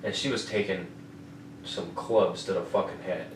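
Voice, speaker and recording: A man with a deep voice, steady tone and normal speed hosts a casual podcast recapping fights, swearing often and repeatedly asking "you know what I mean?" He's in a room at home with an air conditioner. The mic is distant, so the sound is roomy with faint noise.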